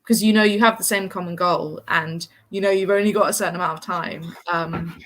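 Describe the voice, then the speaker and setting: A woman's voice: on the low side, steady tone, fairly quick. Young woman, thoughtful quiz contestant. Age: young adult. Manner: thoughtful, many "kind of" fillers. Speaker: student quiz contestant guest. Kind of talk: casual chat.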